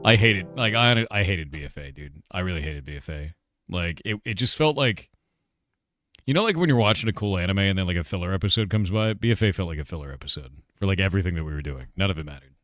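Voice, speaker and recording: A man's voice: sits low, animated, fast talker, fairly bright tone. A man who is a game developer, chatting casually on a livestream Q&A, blunt and profane, with lots of filler words.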